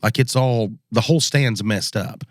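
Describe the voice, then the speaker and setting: A man's voice: mid-range voice, normal speed, no room sound, clean studio sound. A man telling a spooky hunting story on a podcast, slipping into the voices of the people he quotes. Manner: relaxed Southern storyteller, acts out quotes. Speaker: podcast co-host. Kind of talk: casual storytelling.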